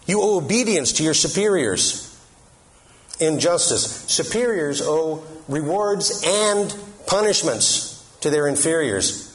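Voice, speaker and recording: Speaking slowly, this middle-aged man has a slightly high voice with lively intonation. His Catholic talk is humorous and conversational, full of jokes and questions for the audience.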